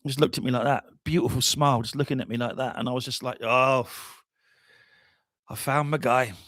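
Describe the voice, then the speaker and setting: A jet-lagged man hosting a casual livestream chat, telling stories in an animated way, trailing off and restarting often. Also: mid-range voice, fast talker, dry recording, clean studio sound. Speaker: livestream host.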